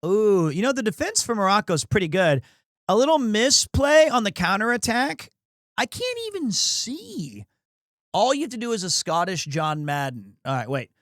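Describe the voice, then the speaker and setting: A man riffs through casual sports commentary, rambling, crude and quick to mock himself. His voice sits notably high. The sound is dry and close, with no room echo. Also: animated, fairly bright tone. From United States. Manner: rambling, crude, self-mocking. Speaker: streamer.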